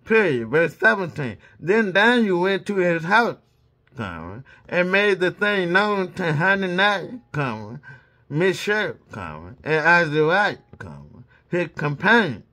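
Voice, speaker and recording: Slow, lively man reading scripture aloud. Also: high voice. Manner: reads punctuation marks aloud; drops into casual asides between verses. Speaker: Bible reader.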